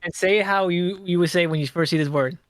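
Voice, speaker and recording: A man's voice: sits high, quick pace, fairly bright tone, no room sound, clean studio sound. A man who is a guest streamer on a podcast, chatting casually and repeating phrases as he rambles. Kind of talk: casual chat.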